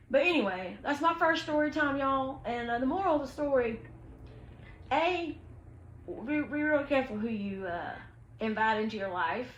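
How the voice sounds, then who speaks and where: A young woman, telling a story to her viewers in an animated, slangy way, acting out what people said. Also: fairly high pitch, reverberant, poor audio. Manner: animated, slangy, quotes people in lively voices. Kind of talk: casual storytime chat.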